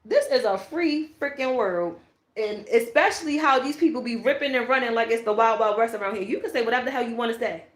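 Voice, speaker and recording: A woman's voice: a little high, quick pace, echoey room. A woman giving a blunt, ranting tarot reading in a casual monologue. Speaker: tarot reader.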